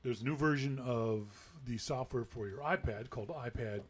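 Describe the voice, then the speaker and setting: A man hosting a casual tech podcast, patiently explaining software updates and acting out quotes in an animated way. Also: mid-range voice, normal speed, faint music behind. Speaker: podcast host.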